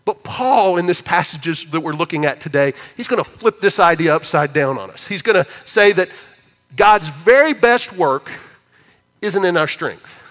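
A man preaching a sermon as a pastor, talking in a conversational way and reading scripture with emphatic swings between loud and soft. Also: on the high side, animated, normal speed, big-room sound. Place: church auditorium.

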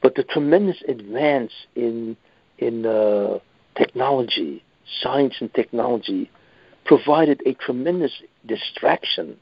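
A rabbi giving a weekly lecture in an emphatic manner, often adding "you see". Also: male voice, mid-range voice, expressive, unhurried, no echo. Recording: dull lo-fi dry recording.

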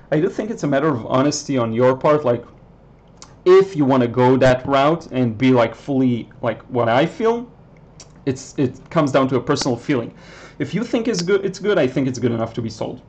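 A man's voice: mid-range voice, animated, moderate pace, a little mellow, lo-fi sound. A man, a Hebrew speaker, chatting casually on a painting livestream and answering questions with many ums. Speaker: watercolor artist hosting a livestream. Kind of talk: casual live chat while painting.

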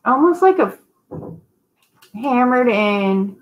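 A woman's voice: on the high side, expressive, slow pace, dull audio. A woman hosting a casual live-stream sale, chatty and rambling, greeting viewers by name. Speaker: host of a live online sale.

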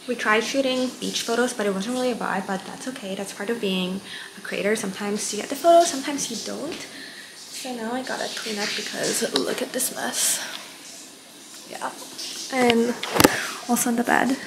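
A woman's voice: fairly high pitch, normal speed, gravelly, rough recording. A young woman vlogging in a chatty, upbeat, casual way, full of fillers. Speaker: lifestyle vlogger. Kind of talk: casual vlog chat. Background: music.

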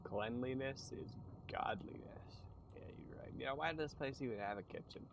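A man's voice: medium pitch, moderate pace, gravelly. A man hosting a gaming channel, talking through a game in a casual let's-play commentary with crude, sarcastic jokes. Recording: noisy background.

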